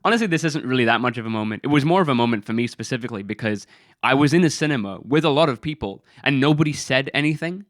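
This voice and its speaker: A man's voice: medium pitch, lively intonation, fast, fairly bright tone, no echo. Rambling man reviewing a film. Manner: rambling, incredulous, many "like" fillers. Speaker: film review video creator. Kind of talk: casual film commentary.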